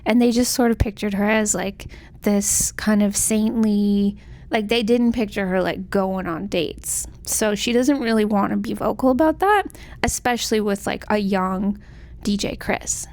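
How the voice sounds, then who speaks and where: A woman's voice: medium pitch, a little slow, a little mellow. A young woman casually recapping a novel's plot, chatty and full of "like", acting out the characters' lines. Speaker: book vlogger.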